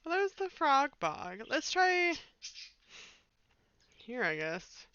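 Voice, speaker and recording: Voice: sits high, sing-song, takes it slowly, bright, forceful tone, dry recording, highs cut off. A game streamer rambling through a live let's play, reading game text and trailing off in self-mocking asides.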